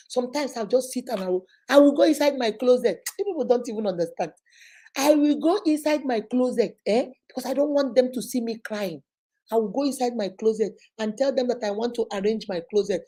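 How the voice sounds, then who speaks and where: A woman's voice: on the high side, brisk. A middle-aged woman with a Nigerian accent, hosting a casual live question-and-answer chat, telling stories and laughing often. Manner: lively, laughs often, mixes in pidgin. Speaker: host.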